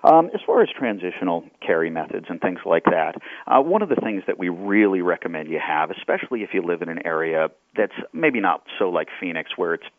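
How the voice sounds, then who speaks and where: A male radio guest calling in over a tinny phone line, his voice very low and dry. He explains things in a friendly, easygoing way, with plenty of fillers as he goes. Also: very animated, a little fast, hardly any pauses, no echo. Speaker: radio guest, holster company representative. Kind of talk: phone-in interview. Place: Phoenix, Arizona.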